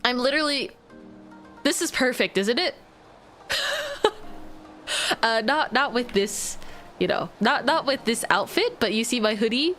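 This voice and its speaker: A bubbly woman wraps up her stream in relaxed, giggly chat, her voice bouncing up and down as she rambles. Her pitch sits a little high, and soft music plays underneath. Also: normal speed. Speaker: VTuber streamer.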